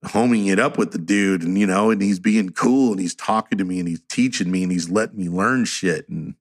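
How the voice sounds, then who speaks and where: A man with a low, gravelly voice talks casually on a podcast, swearing freely as he tells stories. He often drops into a deeper voice to imitate other people. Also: fairly quick. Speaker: tattoo artist guest.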